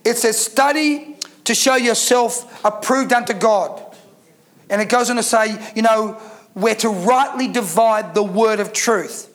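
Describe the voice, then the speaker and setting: A pastor preaches to his church in a very high voice with a fairly bright tone and measured pace. He speaks emphatically from the pulpit, repeating key words and posing rhetorical questions.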